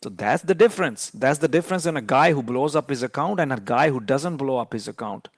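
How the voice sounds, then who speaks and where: A man's voice: medium pitch, lively intonation, brisk, dry recording, studio quality. A man giving a trading lesson in an emphatic, lecturing way, often repeating key points for stress. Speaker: trading educator.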